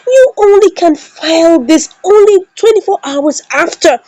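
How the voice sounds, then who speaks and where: A woman's voice: extremely high pitch, animated, unhurried, a little mellow, dry recording, pitched above the performer's own voice. A woman voicing a dismissive male police officer brushing off a complaint.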